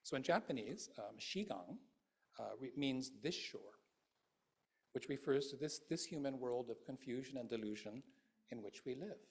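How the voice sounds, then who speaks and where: Male minister, husky voice, chatty dharma talk with fillers and asides. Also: medium pitch, expressive, normal speed, darkish tone. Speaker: guest minister.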